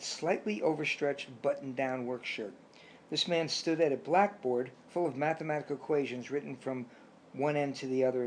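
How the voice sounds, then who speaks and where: A man reads an audiobook story aloud in a plain, steady telling voice at a middling pitch. A faint hiss of noise sits under the narration. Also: rough recording.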